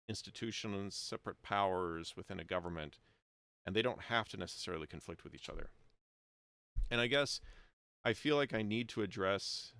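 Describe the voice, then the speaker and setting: A man's voice: low voice, a bit bright, clear, resonant tone, dry recording. An American man hosting a livestream, talking casually and at length, often correcting himself and chuckling. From United States. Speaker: livestream host reading and discussing historical texts.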